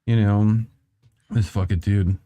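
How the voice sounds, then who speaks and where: A man's voice: on the low side, steady tone, dark tone. A man hosting a casual chat show, reacting to funny videos, swearing a lot and laughing often. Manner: swears constantly, laughs often, slow drawl. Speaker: podcast host.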